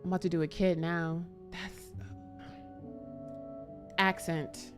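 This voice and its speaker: A woman's voice: fairly low pitch, level tone, slow pace, music in the background. A woman streaming a game live, chatty and joking, talking to her chat. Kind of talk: casual live gameplay commentary.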